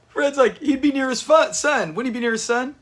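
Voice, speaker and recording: Very high in pitch with a fairly bright tone, a man who has kids hosts a live watch party. He laughs frequently and chats with viewers as he reacts to a sitcom episode on his livestream.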